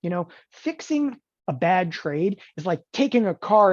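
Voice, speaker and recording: A man teaching options trading in an animated lecture, emphatic and joking, often checking in with the listener. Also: sits high, normal speed, no room sound. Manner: emphatic, joking, keeps asking "okay?". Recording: dull lo-fi dry recording.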